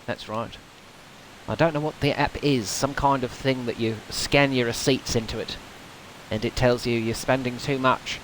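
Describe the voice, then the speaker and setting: A man's voice: medium pitch, a little hiss or hum, poor audio. Chatty streamer man. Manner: chatty and rambling, laughs often. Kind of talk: casual gaming livestream chat.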